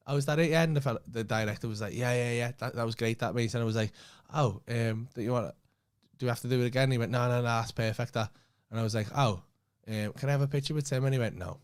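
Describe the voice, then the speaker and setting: A man with a Liverpool accent, a comedian co-hosting a podcast, telling a story in an animated way, swearing freely and acting out what other people said. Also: mid-range voice, clear, resonant tone. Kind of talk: casual anecdote telling.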